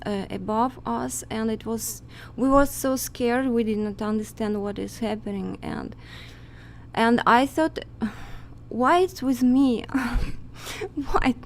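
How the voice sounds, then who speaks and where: Hesitant woman speaking slowly in broken English. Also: on the high side, slight background noise. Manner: halting, hesitant non-native English. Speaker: guest. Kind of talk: casual conversation.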